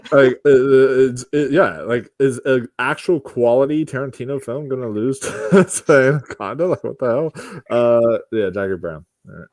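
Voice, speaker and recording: A man with a mid-range voice on a casual podcast panel talks fast and swears in exasperation. His voice sounds dry and close. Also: medium pitch, lively intonation, a little mellow, dry recording.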